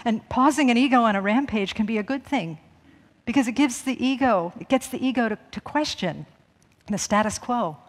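A woman's voice: a little high, moderate pace, in a large hall. A middle-aged woman minister giving a chatty, self-mocking sermon, laughing often. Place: church sanctuary.

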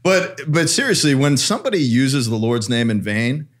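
A man's voice: mid-range voice, sing-song, moderate pace. A man who is a priest, co-hosting a casual panel discussion and sharing reflective personal stories with easy laughter. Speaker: priest and co-host.

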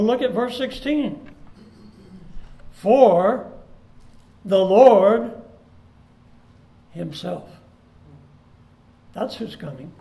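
A man delivers a Sunday sermon in a high, unhurried voice. He is earnest and draws out the words he wants to stress. The sound carries the echo of a church room. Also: gravelly, warm tone. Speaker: pastor. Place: church sanctuary.

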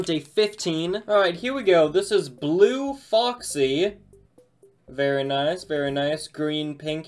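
A man hosting a casual toy unboxing review, talking in an excited, chatty, slangy way. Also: a little high.

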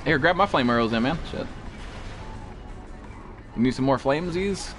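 Male gaming streamer, animated and profane, jumpy shouts, faint music underneath. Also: mid-range voice, normal speed. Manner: excitable, swears constantly, frequent startled outbursts. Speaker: gameplay streamer. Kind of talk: profane live gameplay commentary. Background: faint background music.

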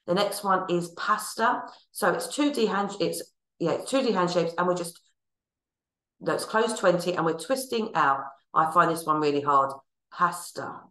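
A woman's voice: lowish voice, fairly bright tone. An Irish woman teacher, encouraging and instructive, leading a class through sign language words and exercises. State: out of breath during exercise. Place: school room. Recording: echoey room, mic at a distance.

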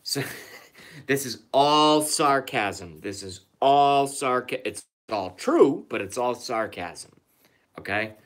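A man's voice: medium pitch, lively intonation, slow pace, fairly bright tone. A man chatting casually on his live stream, rambling, sarcastic and profane, often repeating himself.

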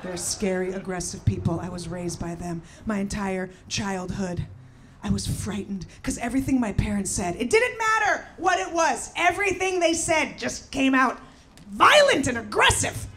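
A middle-aged woman from the former Soviet Union doing a stand-up set, brash and shouting her punchlines with mock-gentle asides. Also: medium pitch, expressive, moderate pace. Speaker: stand-up comedian. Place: comedy venue with live audience. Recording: loud crowd and room noise. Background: audience laughter.

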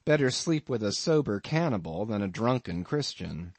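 A man's voice: on the low side, big pitch swings, moderate pace, darkish tone, no room sound. A man voicing a young male sailor who speaks emphatically and exclaims, as an audiobook character voice. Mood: wry. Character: young male sailor, anxious then reasoning.

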